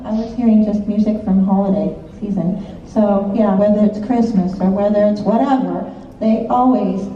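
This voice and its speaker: A woman working as a psychic medium, giving live stage readings to an audience in a chatty way, laughing often and checking in with short questions. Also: medium pitch. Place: large hall with a live audience. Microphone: audience member's phone recording from the seats. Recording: echoey hall from far off, muffled, faint noise.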